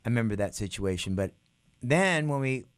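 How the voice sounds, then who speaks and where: A middle-aged man, a guest musician, animatedly telling stories in an interview and acting out quotes in a higher voice. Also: expressive, fairly quick, clean tone, no room sound. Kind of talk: interview storytelling. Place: radio studio.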